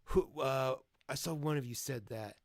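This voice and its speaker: A man's voice: mid-range voice, normal speed, vocal fry, dry recording, studio quality. A man streaming live, reacting to a video and mocking the people in it with gleeful, profane jabs.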